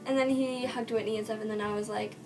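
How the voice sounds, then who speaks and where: A young woman tells a story in a vlog, quick and breathless, packing her sentences with "like" and replaying each line of dialogue. Her voice sits a little high. She is a bit far from the mic, and music plays clearly behind her. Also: fairly even intonation. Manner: rapid and breathless, full of "like", retelling dialogue. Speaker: vlogger.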